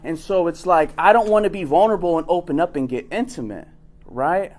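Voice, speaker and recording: A young man with a slightly high voice shares his recovery story at a workshop. He talks in a loose, street-casual way, swears freely, and keeps checking in with "right?" and "you know what I mean?". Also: brisk, darkish tone. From Los Angeles area. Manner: candid, profane, street-casual with many "like" and "right?". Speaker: recovery convention speaker.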